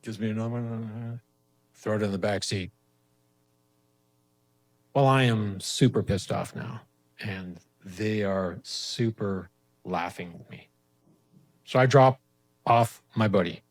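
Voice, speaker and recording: A man's voice: on the low side, slow, pauses often. Profane man telling a story live. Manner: profane, animated, acts out voices. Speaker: storyteller at an open mic. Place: small community storytelling venue with a live audience.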